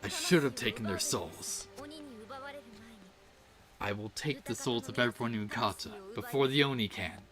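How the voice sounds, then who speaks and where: A woman voicing a solemn ancient female demon slayer who consumes souls, speaking gravely and with resolve. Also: a bass voice, normal speed, pauses often, over music. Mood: cold resolve.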